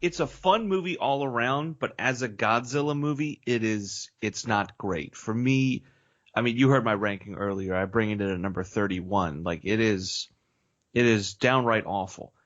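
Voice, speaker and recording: A man's voice: fairly low pitch, moderate pace, a bit bright. Guy co-hosting a movie podcast, blunt opinions, sighs a lot, slightly muffled audio. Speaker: podcast co-host. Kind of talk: casual opinionated chat.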